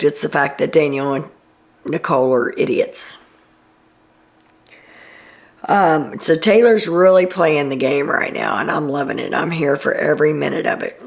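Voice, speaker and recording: A woman with a low voice and a gravelly, creaky texture hosts the show and talks through a casual recap. Chatty and opinionated, she keeps dropping in ums and asides.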